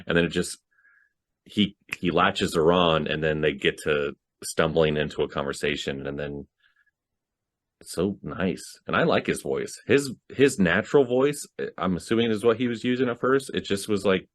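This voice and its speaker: Deep-voiced man in casual movie chat. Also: moderate pace, no echo, studio quality. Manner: animated, acts out quoted lines. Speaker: podcast co-host.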